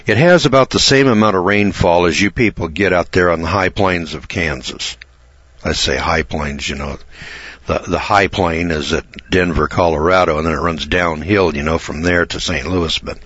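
A man with a very low voice talks on the radio in a folksy, rambling way, pressing his points hard and often clearing his throat. He is from America. The recording is dry and dull, like an old lo-fi broadcast. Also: fairly bright tone, no room sound. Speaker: radio talk show host. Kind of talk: talk radio monologue.

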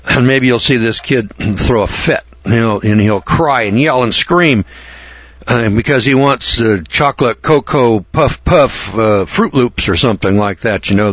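A man's voice: medium pitch, unhurried, fairly bright tone, breathy edge, no echo. A man giving a blunt, rambling, opinionated monologue, mocking and repeating words as he goes. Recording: dull lo-fi recording, dry.

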